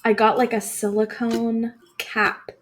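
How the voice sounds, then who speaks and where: A young woman with vocal fry co-hosting a casual podcast, chatty and swearing casually. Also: fairly high pitch, little pitch movement, slow, a little hiss or hum. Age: young adult. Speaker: podcast co-host. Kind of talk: casual chat.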